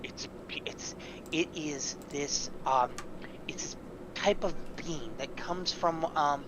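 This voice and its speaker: A man's voice: on the high side, a little slow, background noise, natural voice. A man voicing a tiny, cheerful female gnome baker who talks in a chirpy, flustered ramble.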